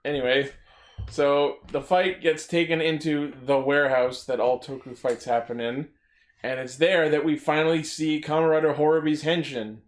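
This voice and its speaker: A man's voice: a little high, fairly even intonation, moderate pace, roomy sound. A man co-hosting a podcast in casual chat, enthusiastically recapping with casual swearing. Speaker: podcast co-host.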